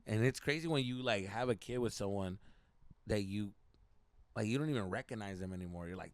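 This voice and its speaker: A young man, co-hosting a casual podcast chat and telling animated stories full of swearing and Spanish slang. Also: on the low side, brisk. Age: young adult. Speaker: podcast co-host.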